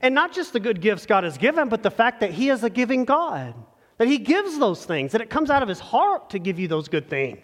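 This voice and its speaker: A man's voice: very high voice, very animated, brisk. A man preaching a sermon as pastor, earnest and conversational, speaking straight to the congregation. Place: church sanctuary. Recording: long church reverb.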